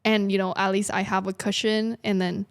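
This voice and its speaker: A woman's voice: mid-range voice, flat delivery, fairly quick, clear, resonant tone, dry recording. Chatty woman guest, dry close sound. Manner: chatty, laughing, frequent likes. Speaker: guest, artist and streamer. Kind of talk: casual interview chat.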